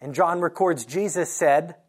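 A preacher delivering a morning sermon, telling scripture stories with lively acted-out quotes and slowing down to stress key points. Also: mid-range voice. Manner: animated storytelling, acting out quoted lines. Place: church morning service.

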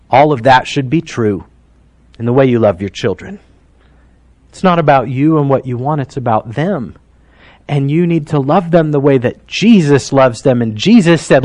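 Heartfelt male pastor, higher voice. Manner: heartfelt, emotional storytelling with quiet drops and rising emphasis. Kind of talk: sermon.

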